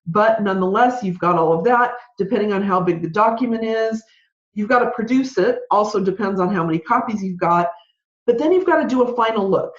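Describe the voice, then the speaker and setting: Female podcast host, fast conversational rant, muffled roomy recording. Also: mid-range voice. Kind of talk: solo podcast advice. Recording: roomy, dull lo-fi sound.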